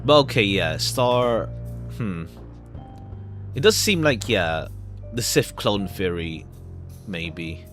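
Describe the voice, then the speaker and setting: A man casually commenting on a video game as he plays, rambling with halting filler words. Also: fairly low pitch, animated, fairly bright tone. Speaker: let's play gamer. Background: background music.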